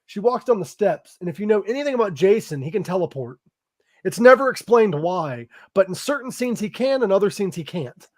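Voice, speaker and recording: Here a podcast host with a high, somewhat mellow voice talks fairly quickly and with animation. His film rundown is loose and foul-mouthed, full of fillers such as "um" and "like," punctuated by laughs.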